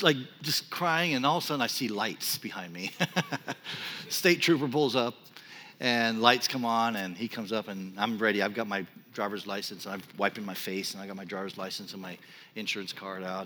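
A pastor in his fifties from Texas, preaching a sermon and telling a personal story with animated, self-deprecating humor. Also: on the low side, normal speed. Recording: long reverb of a large hall.

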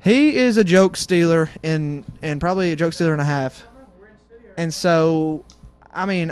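A man's voice: on the high side, no room sound. Rambling man on radio. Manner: rambling, self-deprecating storyteller. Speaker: radio show co-host. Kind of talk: casual comedic radio banter.

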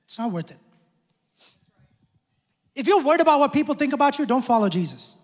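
A man's voice: very high voice, big pitch swings, a little fast. A male pastor preaching a sermon, emphatic and calling out to his congregation. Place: church hall. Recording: long church hall reverb.

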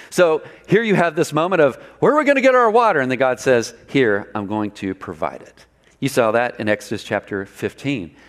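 A man preaching a sermon in a conversational way, asking the listeners questions and acting out the quotes. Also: medium pitch. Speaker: pastor.

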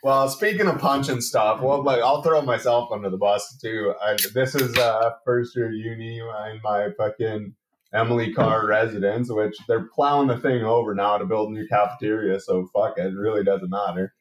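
A man's voice: fairly low pitch, fairly even intonation, moderate pace, distant mic, background noise. A young man co-hosting a podcast, telling a self-mocking story with dry humor and swearing. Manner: wry, self-mocking, profane. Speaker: podcast co-host. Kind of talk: casual storytelling chat. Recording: roomy sound, away from the mic.

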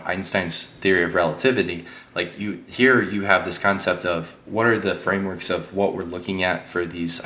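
Deep-voiced man in an echoey room. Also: sharp tone. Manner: rambling, with many fillers. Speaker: podcast host. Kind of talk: casual podcast discussion.

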